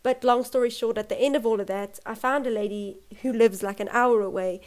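A woman's voice: fairly high pitch, fairly even intonation, brisk, darkish tone. A young adult woman telling her own birth story in an emotional, personal way, laughing often and acting out what others said. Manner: emotional, laughs often, acts out quoted voices.

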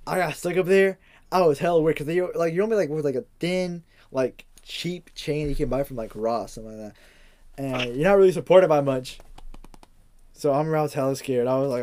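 A man hosting a podcast in casual chat, animated and often repeating words as he restarts. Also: fairly high pitch, a little fast, slight background noise. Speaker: podcast host.

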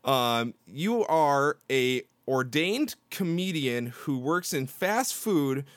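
A man's voice: medium pitch, expressive, slow pace, a bit bright, no room sound. A man hosting a podcast, playful and teasing, slipping into theatrical bits. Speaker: podcast host. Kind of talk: casual podcast chat.

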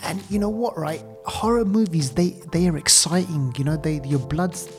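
A man co-hosting a podcast in casual chat, talking in an animated, rambling way full of "right" and "you know". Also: on the high side, normal speed, faint music behind. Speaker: podcast co-host.

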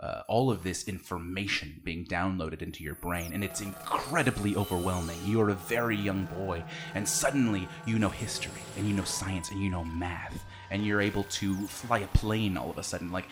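Brief: a deep-voiced game master narrating loosely, with fillers and restarts. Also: male voice, moderate pace, hardly any pauses, over music. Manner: rambling, with many fillers and restarts.

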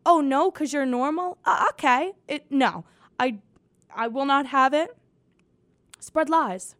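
A woman's voice: high-pitched, animated, moderate pace, no echo. A young woman hosting a casual comedy podcast, sarcastic and swearing freely, mocking quotes in put-on voices. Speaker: podcast host.

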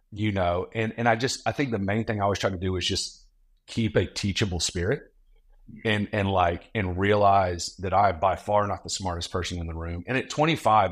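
Animated storytelling pastor, low voice. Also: male voice. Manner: animated storyteller, acts out quotes. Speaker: podcast guest, pastor. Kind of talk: casual podcast conversation.

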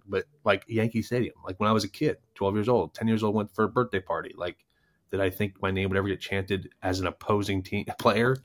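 Low-voiced former ballplayer co-host. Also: male voice, a little fast. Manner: storytelling, animated anecdotes. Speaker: co-host, former baseball player. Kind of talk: casual sports chat.

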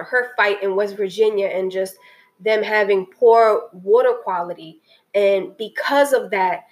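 In a low-quality recording, a medium-pitched woman reflects casually on a documentary that moved her, earnest and emotional, with many false starts as she reviews the film aloud.

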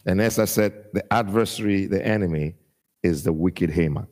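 A man preaching a sermon, with a chanting cadence that climbs into shouts and then drops low and quiet as he quotes scripture. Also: normal speed. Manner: sing-song preaching cadence, rising to shouts and dropping low when quoting scripture. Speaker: pastor.

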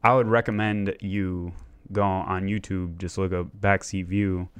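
A man's voice: sits low, level tone, a little slow, clear, resonant tone. A man hosting a casual podcast, rambling along and swearing freely. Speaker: podcast host.

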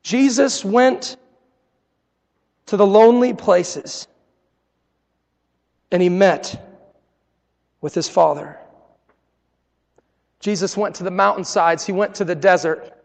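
Earnest high-voiced male preacher in a hall. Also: slow pace, gravelly, pauses often. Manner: earnest, personal storytelling with dramatic quiet drops. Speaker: pastor. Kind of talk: sermon.

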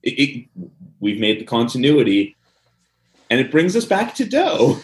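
A man's voice: medium pitch, big pitch swings, measured pace. A man co-hosting a podcast in casual chat, joking, laughing often and rambling with fillers. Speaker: podcast co-host.

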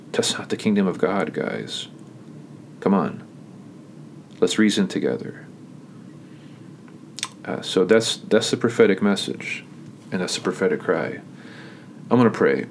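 A man's voice: sits low, animated, a little slow, long pauses, a little hiss or hum. A man hosting a podcast, reading scripture and then preaching and praying in a casual, earnest way. He often stumbles and repeats words and keeps calling his listeners "guys.". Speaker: podcast host.

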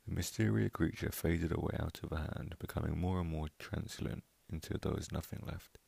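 A man reading a first-person story aloud in a gentle, measured way, over loud background music. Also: very deep voice, steady tone, gravelly, slightly rough, dry recording. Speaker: narrator.

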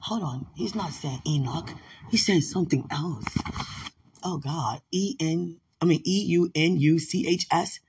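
A woman with a husky, breathy voice leading an emotional live prayer session. She speaks slowly and deliberately. She is tearful and sighs often, and she calls her listener sweetheart. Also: deep voice, darkish tone. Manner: tearful, sighing, laughing through prayer. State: crying.

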